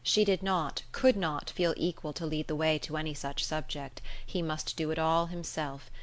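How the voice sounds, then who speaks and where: A woman narrating a classic novel in an even, measured reading. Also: low-pitched. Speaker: audiobook narrator. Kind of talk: scripted narration.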